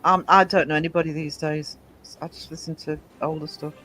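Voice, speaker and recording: Chatty high-voiced male stream host. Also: fairly even intonation, brisk, bright, forceful tone, faint music behind. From England. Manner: chatty, self-deprecating, laughs often. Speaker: livestream host. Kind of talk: casual chat reading viewer comments.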